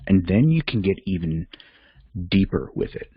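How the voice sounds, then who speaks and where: A man's voice: low voice, sing-song, normal speed, husky, dry recording, phone-quality sound. A man hosting a reflective self-help talk, candid and conversational, thinking aloud as he goes. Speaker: podcast host and life coach.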